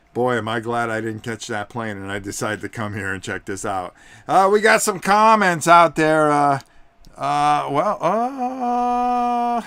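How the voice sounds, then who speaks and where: Bright-voiced man commentating a tabletop match. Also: medium pitch. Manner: excitable, rambling, filler-heavy. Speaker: host and wrestling commentator. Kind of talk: live play-by-play commentary of a tabletop game.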